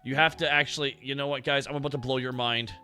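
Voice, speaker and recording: Excitable swearing man. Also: mid-range voice, quick pace, faint music behind. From Canada. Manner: excitable, swears a lot, laughs often. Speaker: streamer host. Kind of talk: casual stream chat.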